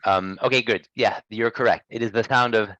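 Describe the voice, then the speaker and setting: A man's voice: on the low side, steady tone, no echo, highs cut off. Patient male pronunciation teacher. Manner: patient, corrects gently and models each word slowly. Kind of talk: one-on-one lesson.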